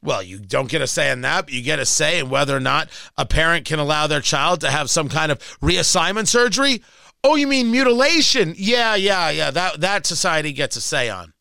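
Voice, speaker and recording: Combative bright-voiced radio host. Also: male voice, fairly high pitch, expressive, a little fast, creaky, hardly any pauses, dry recording. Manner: combative, sarcastic, emphatic. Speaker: radio talk show host. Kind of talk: political talk radio monologue.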